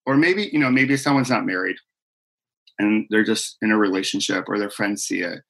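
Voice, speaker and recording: A man's voice: fairly low pitch, normal speed, a bit bright, rough recording. Earnest middle-aged man telling his story. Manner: earnest, heartfelt, many fillers. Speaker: guest, executive coach. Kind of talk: conversational storytelling.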